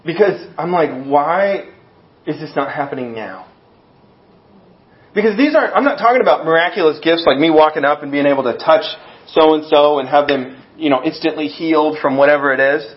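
A man preaching a sermon as pastor, telling the story with lively acted-out voices. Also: a little high, fast talker, few pauses. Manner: animated storytelling, acting out voices. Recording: echoey room, dull sound.

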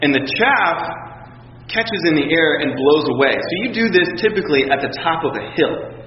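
A man's voice: fairly high pitch, sing-song, normal speed, a little hiss or hum. Man preaching in an echoey hall. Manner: conversational storytelling with frequent restarts and acted quotes. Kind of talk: sermon. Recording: echoey hall, dull sound.

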